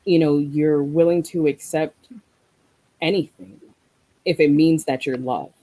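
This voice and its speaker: A guest poet performing spoken-word poetry with a deliberate, rhythmic delivery, then talking reflectively. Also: medium pitch, fairly even intonation, warm tone, poor audio.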